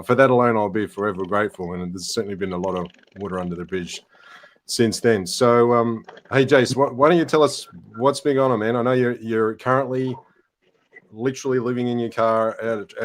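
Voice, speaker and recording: Male host, lowish voice, easygoing live-stream chat. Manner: relaxed, friendly, with fillers. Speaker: podcast host.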